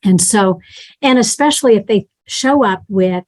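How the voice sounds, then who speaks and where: A woman's voice: medium pitch, normal speed, a little mellow. A middle-aged woman teaching a health class in a conversational way, checking in with her listeners and telling patient stories. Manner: conversational, tells patient stories, acts out quotes.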